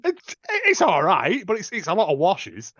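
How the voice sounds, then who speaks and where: A man recapping a film in casual chat, his pitch leaping up and down as he mocks the plot. The sound is dull and lo-fi, with a dry, close feel and no room around it. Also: huge pitch swings, fairly bright tone, dry recording. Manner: sardonic, acts out characters' lines in quick asides. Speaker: podcast co-host.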